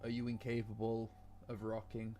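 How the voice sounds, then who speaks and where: Low-voiced man chatting on a stream. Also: monotone, normal speed, warm tone. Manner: rambling, joking with chat, swears casually. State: lingering cough. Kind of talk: casual live-stream chat. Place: cold room at home. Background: faint lo-fi music.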